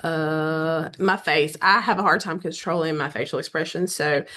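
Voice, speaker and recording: Guest author: middle-aged Southern woman, lowish voice, chatty and animated, voices others' lines, clears her throat now and then. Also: normal speed. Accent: Southern American. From American South. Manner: animated, acts out quoted dialogue, frequent throat clearing. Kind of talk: casual storytelling interview.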